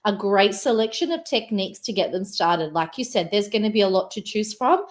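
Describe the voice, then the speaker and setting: A woman's voice: mid-range voice, expressive, a little fast. Female podcast co-host, teacher, supportive and affirming, leads with questions. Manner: affirming, asks guiding questions. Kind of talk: casual educational podcast chat.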